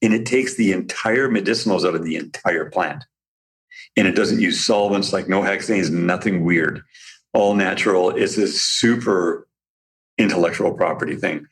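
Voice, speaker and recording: A man with a very deep, gravelly voice speaks as an interview guest. He tells stories with eager enthusiasm, often restarting mid-sentence and laughing lightly. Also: normal speed. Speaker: guest, company founder. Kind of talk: casual interview talk.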